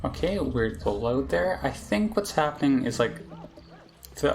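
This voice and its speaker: A man's voice: mid-range voice, animated, measured pace, vocal fry, a little hiss or hum. A man giving casual let's play commentary, thinking aloud and hesitating as he plays. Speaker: gameplay commentator.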